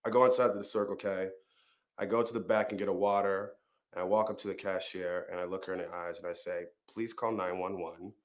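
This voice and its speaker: A man's voice: sits low, level tone, quick pace. A man, a comedian and storyteller, telling a personal story and then chatting casually in an interview. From Arizona. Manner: vivid storyteller, acts out the people he quotes.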